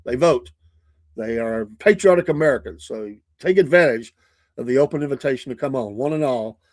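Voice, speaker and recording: A man's voice: mid-range voice, a little mellow, no room sound, studio quality. Rambling, chuckling male show host. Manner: rambling, chuckling often, retells stories. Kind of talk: casual talk show chat.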